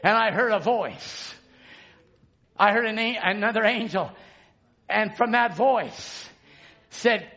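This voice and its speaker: A male preacher delivering a sermon, shouting in a repetitive, chanting cadence. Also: very high voice, animated, unhurried, gravelly, dull audio.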